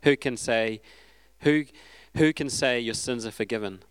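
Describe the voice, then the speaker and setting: A man preaching a sermon in a relaxed, conversational, storytelling way. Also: mid-range voice, unhurried, clean tone, no echo.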